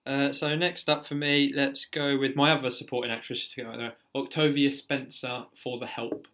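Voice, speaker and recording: A man's voice: mid-range voice, flat delivery, moderate pace, sharp tone. Man, casual podcast co-host, chatty, swears casually. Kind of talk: casual film chat.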